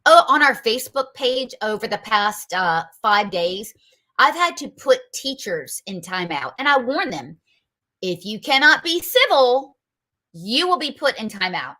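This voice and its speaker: A woman's voice: fairly high pitch, very animated, unhurried, pushed and bright. A woman hosting a political show, giving combative, emphatic commentary full of rhetorical questions. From North Carolina, US.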